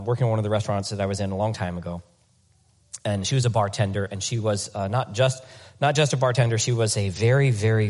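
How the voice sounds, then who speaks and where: A male pastor with a fairly low-pitched voice gives a lively, conversational sermon full of comic asides, repeating words often as he reconsiders his sentences.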